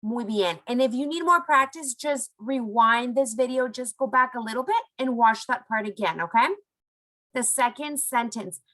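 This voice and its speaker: Bright-voiced lady teacher, upbeat, says stuff slow so kids can repeat. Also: a little high, rough recording. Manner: encouraging, slow modelling of phrases. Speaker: elementary Spanish teacher. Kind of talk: recorded online lesson for young students.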